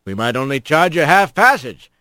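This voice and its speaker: A man's voice: fairly high pitch, very animated, moderate pace, sharp tone, no echo. A man voicing an easygoing, witty male otter bosun who jokes with the crew in a storybook reading. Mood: wry. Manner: jovial and wry.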